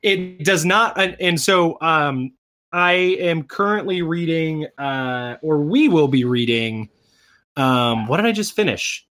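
A man's voice: on the high side, lively intonation, slow, a bit bright. A man casually talking through a comic with friends, rambling with many restarts and fillers. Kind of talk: casual chat reviewing a comic.

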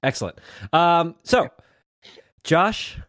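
A man's voice: a little high, lively intonation, slow pace, a bit bright, no room sound, studio quality. A man co-hosting a casual podcast chat in a playful, jokey way. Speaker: podcast co-host.

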